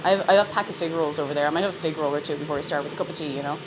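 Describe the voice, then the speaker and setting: A young woman streaming from home, chatting brightly with her viewers and greeting them by name. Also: low-pitched, very fast, background noise. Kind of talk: casual live-stream chat.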